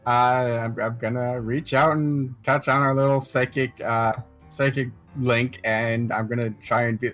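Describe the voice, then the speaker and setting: A man's voice: medium pitch, fairly even intonation, measured pace, a bit bright, faint music behind. A man playing a tabletop game, hesitant and stammering as he speaks. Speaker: player. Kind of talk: tabletop role-play.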